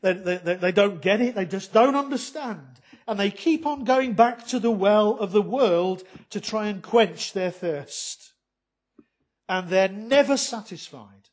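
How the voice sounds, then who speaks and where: A man preaching a sermon to his congregation, with many rhetorical questions, swinging between loud emphatic lines and soft quiet ones. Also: high voice, a little slow.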